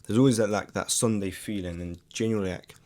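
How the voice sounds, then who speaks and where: A young man with a somewhat low voice shares his thoughts in a casual vlog. He sounds earnest and reflective. His speech is loose and unscripted, with lots of filler words and self-corrections. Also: fast, darkish tone. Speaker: YouTuber.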